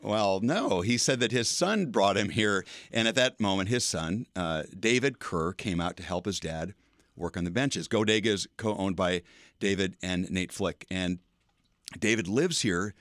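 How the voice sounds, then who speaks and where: A man's voice: deep voice, unhurried, fairly bright tone, dry recording, studio quality. An older man hosting a radio segment, telling a casual, chatty story with curious asides and frequent laughs. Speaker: radio feature host.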